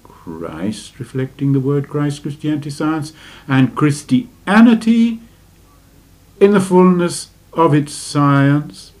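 A man giving a slow, deliberate spiritual lecture and asking his listeners rhetorical questions. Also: on the high side, expressive, a little mellow. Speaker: religious teacher.

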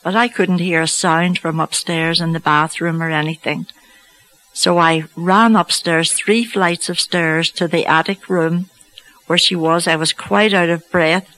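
Slow, reflective woman storyteller. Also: lowish voice, steady tone, a bit bright, low-quality recording. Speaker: speaker giving a faith testimony. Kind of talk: personal story told to an audience.

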